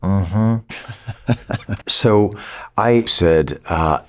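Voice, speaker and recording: A man, an actor, telling an anecdote in a slow, emphatic way, in a cut-together interview. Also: low-pitched. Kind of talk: spliced interview storytelling.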